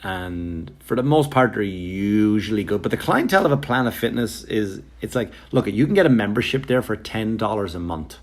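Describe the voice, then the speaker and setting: A man's voice: on the low side, animated, normal speed, few pauses. A male comedian telling a rambling, exasperated story on a podcast, swearing freely and acting out what others said. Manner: profane, exasperated anecdote telling with quoted voices; rambling, with frequent fillers and restarts.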